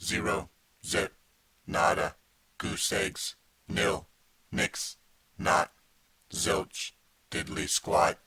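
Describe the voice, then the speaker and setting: Man voicing a robot ghost, metallic drone, very deep voice, flat and monotone, each word clipped, storybook audiobook. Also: breathy edge, no room sound, heavily acted. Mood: cold, droning. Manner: slow, clipped and unfeeling. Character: cold droning robot ghost of the future, male. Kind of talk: audiobook character voice.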